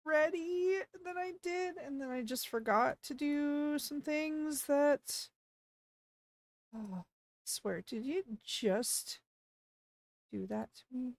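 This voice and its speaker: A VTuber streamer chats casually on a live stream, flustered and panicky as she apologizes, then breaks into excited greetings to her viewers. Her voice is on the high side and slow-paced, with no room sound.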